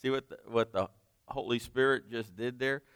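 A man leading a Bible study, reading scripture slowly and explaining it in a conversational way. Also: mid-range voice, fairly bright tone, clear, resonant tone, no echo. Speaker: Bible teacher.

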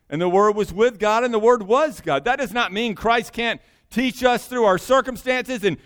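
A man's voice: high-pitched, fairly bright tone, clean tone. A man preaching a sermon in a conversational way, with emphatic asides. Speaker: pastor.

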